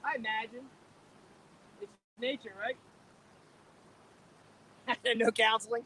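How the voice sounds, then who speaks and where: A man's voice: very high-pitched, fairly even intonation, slow, long pauses, sharp tone, breathy edge. A man with a Philadelphia accent, chatting casually on a live fishing stream from his boat, laid-back and chuckling as he greets viewers by name. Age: adult, middle-aged or older. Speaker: fishing vlogger reading live chat. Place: boat on a river at dusk, outdoors.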